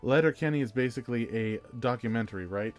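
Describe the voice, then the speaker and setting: A man's voice: mid-range voice, fast. A Canadian man streaming a game, chatting in a jokey, rambling, self-deprecating way. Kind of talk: casual game-stream chat.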